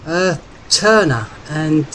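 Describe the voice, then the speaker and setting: A man's voice: on the high side, lively intonation, slow pace, bright, forceful tone, distant mic, pitched above the performer's own voice, full character voice. A man voicing a frightened, stammering male survivor in a spoken story. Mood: panicked. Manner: stammering, panicky. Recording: noisy background hiss.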